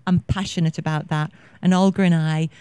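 50s woman giving a conference talk, gushing and chatty, smooth clear voice, dry sound. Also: low voice, steady tone, a little fast, mellow, no echo. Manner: effusive and passionate, rambling with many fillers. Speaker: conference speaker. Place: conference venue.

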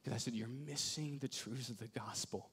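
A man's voice: medium pitch, moderate pace, husky. A young adult man preaching a sermon, acting out quoted voices and dropping to near whispers. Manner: animated storyteller, acts out quoted voices, drops to near whisper. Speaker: pastor.

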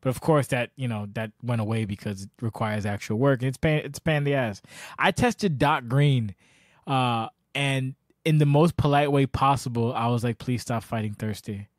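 Profane rambling podcast host, dry sound. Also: male voice, mid-range voice, moderate pace, no echo. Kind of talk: casual podcast chat.

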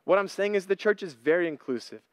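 A man's voice: sits high, expressive, fast, no echo. A man, preaching a sermon in a folksy storytelling manner to an empty church.

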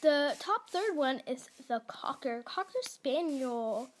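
A woman's voice: high voice, lively intonation, takes it slowly. A young woman giving casual, giggly gameplay commentary, gushing and stumbling over words. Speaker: gaming vlogger.

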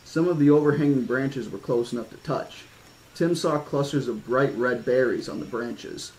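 A man with a middle-range voice narrating a novel aloud in a measured, horror-flavoured manner. Now and then he drops the narration for loose, casual asides. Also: mid-range voice, darkish tone, poor audio. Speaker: audiobook reader. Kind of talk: horror-toned novel reading.

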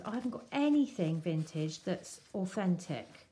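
A woman chatting casually and excitedly as she unwraps a craft swap parcel. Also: mid-range voice. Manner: gushing, excitable, slow-paced. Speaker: crafting vlogger. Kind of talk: casual unboxing chat.

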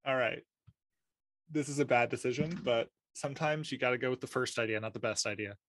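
A man's voice: medium pitch, a little fast, a bit bright, slight background noise. A man playing a tabletop game as host, talking casually with many fillers and easy laughter. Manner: filler-heavy, laughing easily. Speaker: host and player.

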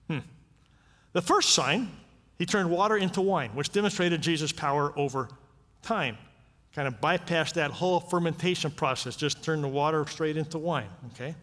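In a sermon echoing with long church-hall reverb, a man preaches animatedly and conversationally. His fairly high voice ranges widely in pitch, and he often checks in with rhetorical questions.

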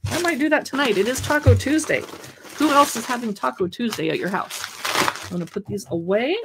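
Woman, casual live stream host, chatty, reads labels aloud, fairly high voice, home desk. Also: a little fast, heavy background noise.

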